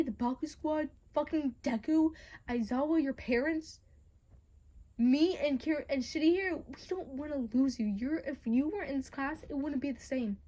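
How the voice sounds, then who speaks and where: Girl doing a cussy angry teen boy hero in a fan audio drama, kinda high, bit muffled. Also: warm tone, natural voice. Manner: angry, swearing, raising voice. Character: hot-tempered teenage boy hero, gruff and swearing.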